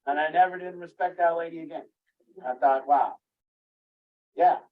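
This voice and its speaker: A man's voice: a little high, steady tone, normal speed. A man telling a rambling, candid story in a group talk, laughing at himself now and then. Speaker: group speaker. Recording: muffled, distant room recording.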